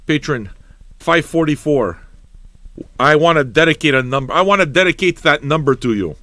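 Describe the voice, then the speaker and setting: Male livestream DJ host, profane and rambling, bright tone, dry sound. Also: on the high side, expressive, normal speed, no echo. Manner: profane, rambling, mock-ranting at chat. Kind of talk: casual live radio banter.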